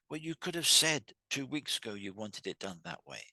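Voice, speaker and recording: Man talking, bright voice, dry sound. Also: lowish voice, big pitch swings, moderate pace, no room sound. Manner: acts out quoted dialogue with raised, heated voices; conversational, with restarts. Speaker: host. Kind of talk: solo talk on workplace communication.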